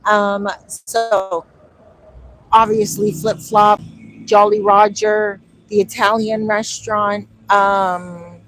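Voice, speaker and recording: In a casual street vlog shot on her phone, a woman slowly recounts stories with energy, acting out who said what. Her pitch is medium, and the low-quality recording carries slight background noise.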